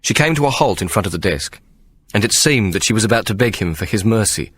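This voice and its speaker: A man narrating an audiobook with measured, expressive storytelling. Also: fairly low pitch, slightly rough, no room sound. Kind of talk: scripted narration.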